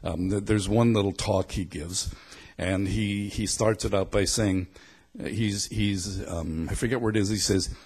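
A man's voice: lowish voice, steady tone, a little slow, darkish tone, breathy edge. A middle-aged man from Belfast giving a conversational sermon, reflective and thinking aloud as he goes. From Belfast, Northern Ireland. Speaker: preacher.

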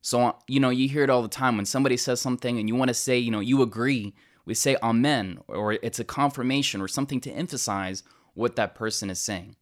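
Man, mid-pitch, earnest church teacher explaining a hymn, slows down on key words. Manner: earnest, with many restarts and slow stresses on key words.

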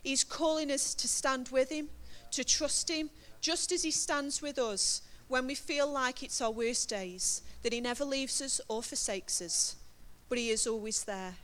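A woman's voice: high-pitched, measured pace, hardly any pauses, a bit bright. A woman preaching a sermon from a church stage, earnest and emphatic as she encourages the congregation.

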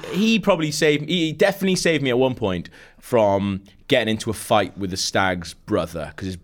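A man's voice: mid-range voice, normal speed. A man hosting a casual comedy podcast, laughing often as he rambles and reads out a script. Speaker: podcast host.

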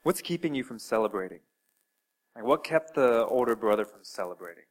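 Guy preaching a sermon, earnest, goes loud then real quiet, asks the room questions. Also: mid-range voice, expressive, fairly quick, rough recording. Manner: earnest, with wide swings in loudness; talks to listeners with direct questions.

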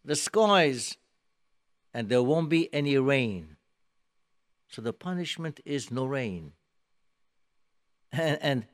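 A man teaching a religious class in short, measured phrases, quoting Hebrew verses and then explaining them in English. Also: mid-range voice. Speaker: Torah teacher. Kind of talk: religious class retelling a scripture story.

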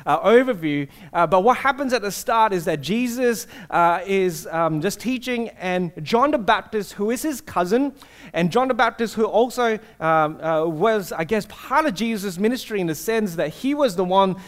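A man's voice: high voice, animated, normal speed. A man, preaching a casual sermon that tells stories and asks the audience questions. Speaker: pastor. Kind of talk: conversational sermon.

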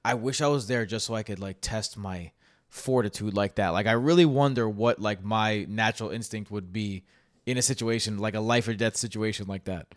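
A man's voice: lowish voice, fairly quick, no echo, clean studio sound. A young man hosting a podcast, chatting casually and earnestly, often stumbling and repeating words. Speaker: podcast host. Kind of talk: casual chat.

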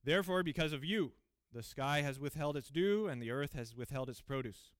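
A man's voice: fairly high pitch, animated, fairly quick, clear, resonant tone, dry recording, studio quality. A man preaching a sermon in church, reading scripture aloud and explaining it in an earnest, emphatic way with frequent fillers and restarts.

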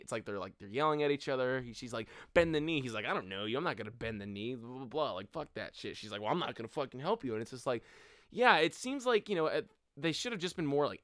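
A man's voice: mid-range voice, fairly bright tone. A young man co-hosting a podcast, talking casually and profanely, often quoting characters in mocking voices. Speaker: podcast co-host. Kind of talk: casual chat.

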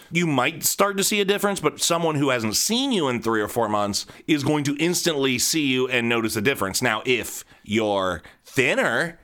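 Middle-aged guy ranting casually, swears a lot, bright edgy voice, average pitch. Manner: blunt and profane, animated storytelling. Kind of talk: casual monologue.

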